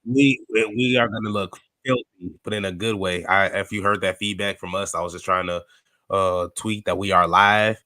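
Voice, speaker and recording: A man hosting a live podcast with a voice that is wearing out and a little hoarse. He talks in a loose, joking, slangy way, full of quick restarts. The sound is close and dry, with no room around it. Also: low-pitched, steady tone, bright, forceful tone, dry recording. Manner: laid-back, joking, slangy, stumbling restarts. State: losing his voice. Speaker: podcast host. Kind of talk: casual live podcast chat.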